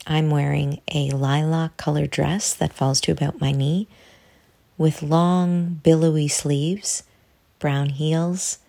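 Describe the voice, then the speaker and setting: A woman in her mid-forties, a stage actor giving a calm, unhurried scripted self-description. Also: low-pitched, creaky. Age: 40s.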